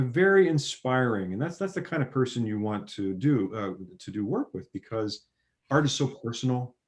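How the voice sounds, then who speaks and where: A man talking as a guest on a podcast, expressive and acting out what others say. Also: medium pitch. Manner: expressive, acting out quoted speech. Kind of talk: casual conversation.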